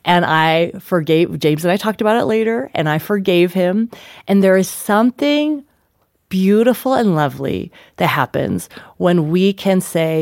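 A middle-aged woman chats as an interview guest, telling family stories with easy laughter. Her voice jumps high whenever she acts out what someone said. The sound is close and dry. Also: unhurried, no echo. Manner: animated, laughing, acts out quotes with big pitch jumps. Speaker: author and guest. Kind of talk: casual interview storytelling.

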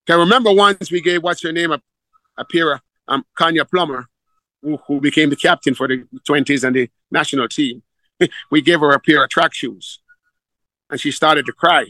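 A middle-aged man, a football coach telling stories in a conversational, animated way, repeating words and laughing as he goes. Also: fairly high pitch, normal speed, dry recording. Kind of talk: conversational storytelling.

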